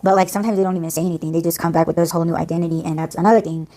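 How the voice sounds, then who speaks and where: A woman's voice: on the low side, little pitch movement, rapid-fire, dark tone. A woman hosting a casual podcast, ranting in a blunt, profane, exasperated way. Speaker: podcast host.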